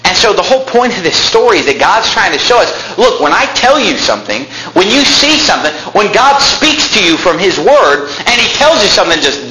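Yelling young preacher in an echoey room. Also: male voice, sits high, a little fast, hardly any pauses, a crowd in the background. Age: 20s. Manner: excited, emphatic, often yelling. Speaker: pastor. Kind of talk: sermon.

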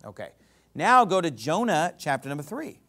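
A man's voice: a little high, very animated, normal speed, sharp tone. A male pastor preaching a sermon, acting out imagined speakers as he teaches.

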